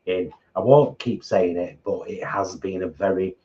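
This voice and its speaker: A man's voice: sits low, moderate pace, dark tone. A middle-aged man co-hosting a casual mukbang chat, blunt and outspoken, mocking his critics. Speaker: co-host. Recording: slightly dull home recording.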